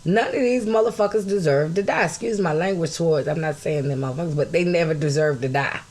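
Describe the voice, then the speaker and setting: Woman, podcast host, angry rant, blunt, swearing, shouts at peaks, greets viewers. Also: sits low, quick pace. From United States. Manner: greets live chat viewers mid-talk. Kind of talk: impassioned solo podcast talk.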